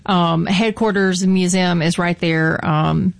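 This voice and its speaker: A woman's voice: lowish voice, steady tone, takes it slowly, vocal fry. A woman with a Mississippi Southern accent hosting a radio interview, chatty and folksy. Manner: chatty, folksy, says y'all. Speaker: radio show host.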